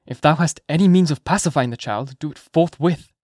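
A man's voice: a little high, brisk, darkish tone, dry recording, clean studio sound, natural voice. Man playing an anxious, imploring clergyman. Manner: earnest, imploring.

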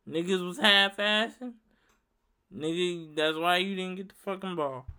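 A young man from Louisiana in his twenties rants through a solo podcast, swearing freely and telling stories with animated heat. His voice sits high for a man and cuts through with a piercing, tense brightness. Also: smooth. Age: 20s. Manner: animated, profane, heated storytelling. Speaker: podcast host. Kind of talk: ranting solo monologue.

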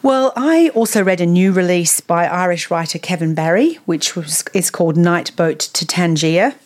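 A woman's voice: on the low side, moderate pace, a little mellow. A woman chatting enthusiastically about a novel she read, laughing now and then. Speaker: book reviewer. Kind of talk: casual book chat.

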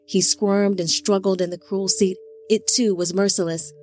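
Woman narrating a dark fantasy audiobook. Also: medium pitch, level tone, moderate pace, a little hiss or hum. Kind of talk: scripted narration.

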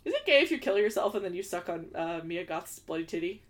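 A woman's voice: lowish voice, sing-song, fast. A young woman co-hosting a podcast, recapping a film in casual chat and acting out quoted lines in exaggerated voices. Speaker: podcast co-host.

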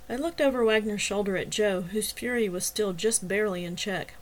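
A woman narrates a novel in the first person, reading with a steady, expressive delivery. Her voice sits at a middle pitch for a woman. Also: a little fast, few pauses, poor audio. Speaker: audiobook narrator.

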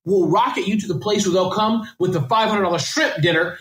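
A man talking fast and energetically as a podcast guest, full of restarts and repeated words. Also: high voice, a bit bright, roomy sound, low-quality recording. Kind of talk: casual interview answers.

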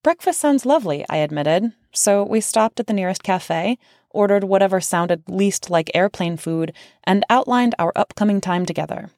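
A woman's voice: mid-range voice, normal speed, darkish tone, no echo, clean studio sound. A woman author reading her own book aloud as an audiobook, casual in tone with wry asides. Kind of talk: audiobook narration.

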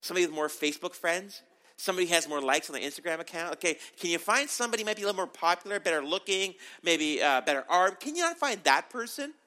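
A male pastor preaching a sermon, animated, acting out quotes and often asking "right?". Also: high-pitched, fast. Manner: animated, acts out quotes, tag questions.

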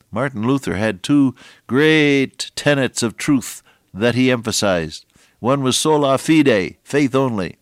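An older man preaching a sermon, moving between hushed storytelling and raised, emphatic exhortation with slow, deliberate phrasing. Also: mid-range voice, no echo, studio quality.

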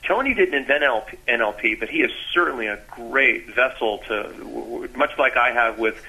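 A man's voice: medium pitch, normal speed, gravelly, rough recording. A man, a sales trainer, explaining with energy as a radio guest and acting out bits of sales talk. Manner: animated, acts out sales dialogues.

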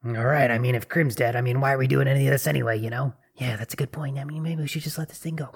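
A man's voice: medium pitch, steady tone, very fast, creaky, slightly rough. A man voicing a gullible male goblin soldier who is easily talked into things, in a tabletop game. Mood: agreeable.

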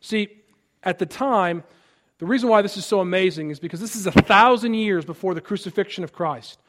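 A man's voice: high voice, fairly quick, background noise. A male pastor preaching a sermon, reading scripture aloud and building earnest emphasis on key lines.

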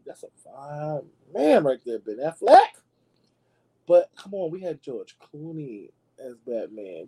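A man hosting a podcast and dishing celebrity gossip in a sassy, dramatic way, calling his listeners y'all and jumping into high squeals to make a point. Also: big pitch swings, slow, warm tone, husky, rough recording. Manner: swoops into high squeals for emphasis. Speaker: podcast host. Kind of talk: casual gossip commentary.

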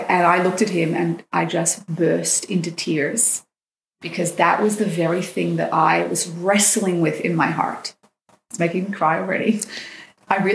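Her voice low-ish and creaky, a woman guesting on a podcast as a dating coach shares an emotional personal story, acting out what each person said. The sound is reverberant, with a little hiss or hum.

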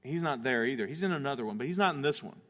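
A male pastor preaching an Easter sermon, swinging from rousing shouts down to hushed, quiet appeals. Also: mid-range voice, expressive, racing. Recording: echoey hall, long reverb.

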